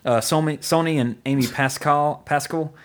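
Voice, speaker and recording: A man's voice: fairly high pitch, moderate pace. Male podcast host, casual, chatty, filler-heavy delivery. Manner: rambling, filler-heavy, laughs easily.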